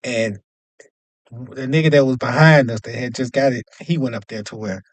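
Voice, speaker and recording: A young man casually telling a long, animated story, jumping up in pitch whenever he acts out other people's lines. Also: normal speed, no room sound. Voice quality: animated, acts out quoted voices with jumps in pitch. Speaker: podcast host.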